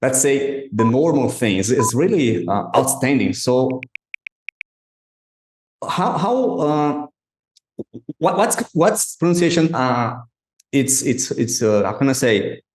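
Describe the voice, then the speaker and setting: Man host, halting and searching, roomy echo on his voice. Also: medium pitch, big pitch swings, a little mellow. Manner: hesitant, many restarts and fillers, searching for words. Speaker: podcast host. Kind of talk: podcast interview questions.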